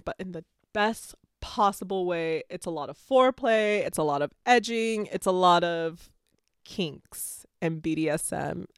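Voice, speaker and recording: A woman's voice: medium pitch, expressive, normal speed, clear, resonant tone, dry recording, studio quality. A woman hosting a casual podcast, swearing freely and giggling as she talks about and reads from a book. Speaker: podcast host. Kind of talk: casual chat and book reading.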